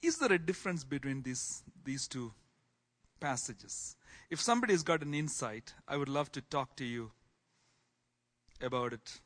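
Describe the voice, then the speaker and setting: Animated, bright-voiced man preaching. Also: mid-range voice, normal speed, long pauses. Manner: animated, swings from soft asides to loud exclaiming. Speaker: pastor teaching a Bible class. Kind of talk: sermon-style Bible teaching.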